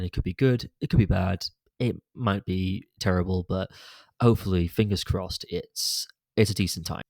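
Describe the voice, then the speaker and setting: A man's voice: sits low, a little mellow, no echo. A man hosting a solo podcast, chatting casually and rambling through candid film opinions with plenty of fillers and restarts. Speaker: podcast host. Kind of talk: casual solo podcast chat about films.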